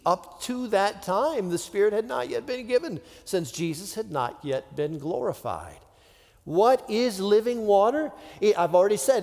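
His voice sits high with a darkish tone as this pastor delivers a conversational sermon, slipping into near-whispers for effect and voicing imagined characters. The recording carries a long hall reverb.

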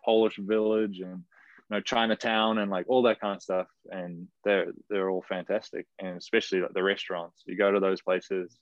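A young man in his twenties with a New Zealand accent, telling stories as a guest in a casual interview, chatty and quick to laugh, heard over a video call. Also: low-pitched, flat delivery, dry recording. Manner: chatty, laughs often, many fillers and restarts. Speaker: guest, professional footballer. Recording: dull lo-fi video call audio.

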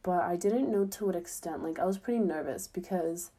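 A woman's voice: lowish voice, fairly quick, mellow. A young woman, chatting casually in a vlog, full of fillers and upbeat. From United States. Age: young adult. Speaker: student abroad.

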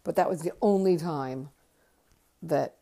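Gravelly and dark, her low voice moves at a measured pace as she tells a memoir story on her podcast. She's a weary Connecticut woman in her fifties who rambles, thinks aloud, and doesn't hold back on swearing.

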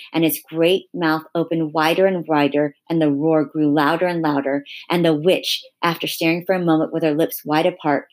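Woman reading a kids' chapter book aloud, low voice, steady and expressive. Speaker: reader. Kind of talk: reading a children's novel aloud.

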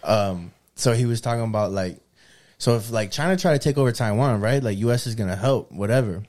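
A man's voice: lowish voice, animated, a little fast, darkish tone. A man co-hosting a podcast, chatting casually in a rambling, slang-heavy way. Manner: laid-back, slangy, rambling. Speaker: podcast co-host. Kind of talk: casual chat.

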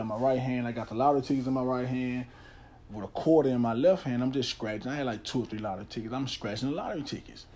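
In a medium-pitched, slightly mellow voice, a Nashville-area father of a son shares a personal story on his podcast. He's candid, swears freely, and tends to repeat himself, and a faint hiss or hum runs under the audio.

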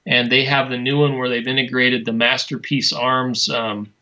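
A man chatting casually as a show host, enthusiastic but halting, with many fillers and restarts. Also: medium pitch, level tone, bright, forceful tone, lo-fi sound. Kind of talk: casual chat.

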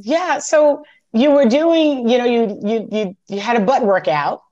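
Playful high-voiced woman host, dry sound. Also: measured pace, dark tone, dry recording, muffled recording. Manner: playful, teasing, exclamatory. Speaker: interview host. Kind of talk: casual interview.

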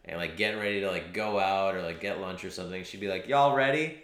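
A man's voice: low voice, steady tone, fast, fairly bright tone. A man co-hosting a podcast, telling crude jokes and stories in a casual chat, a few beers in. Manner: crude joking storyteller, laughs often. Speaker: podcast co-host. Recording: echoey room.

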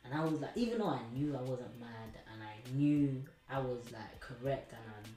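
A man's voice: medium pitch, animated, moderate pace, mellow, roomy sound, soft background music, rough recording. A man, hosting a podcast and telling a candid story, rambling with lots of slang and restarts.

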